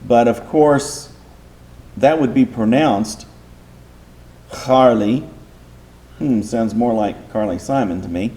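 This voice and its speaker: A man with a mellow, darker voice leads a class as a Bible teacher. He walks through each point patiently, step by step, and often stops to put a question to his listeners. His pitch sits in the middle range for a man. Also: measured pace. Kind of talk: teaching lecture.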